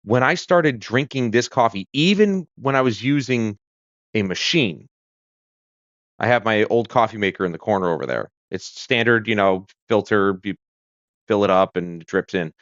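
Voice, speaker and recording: An American man hosts a casual livestream from a home room with a kitchen corner, chatting and rambling with fillers and self-corrections. His voice is on the low side with lively intonation, moderate pace, and a fairly bright tone, recorded dry but muffled on a streaming setup.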